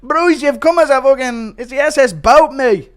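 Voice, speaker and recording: A man doing a loud, barking impression of a male fighter scolding someone. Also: very high-pitched, normal speed, voice pushed up.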